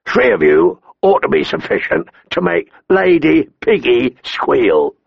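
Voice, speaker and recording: A man narrating a story and voicing a cruel, mocking master-at-arms who speaks in a sharp, cold voice. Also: a little high, huge pitch swings, measured pace, creaky, slightly rough, no echo, lo-fi sound, voice pushed up, heavily acted. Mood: cold taunting. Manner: taunting, mocking.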